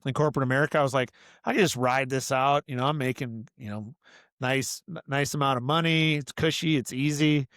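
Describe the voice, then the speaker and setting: This middle-aged man, a podcast guest, rambles earnestly about his work as an author and coach, leaning heavily on "you know" and "like" during a casual interview conversation. He talks fairly quickly in a mid-range, slightly bright voice with fairly even intonation. The sound is clean studio audio without any echo.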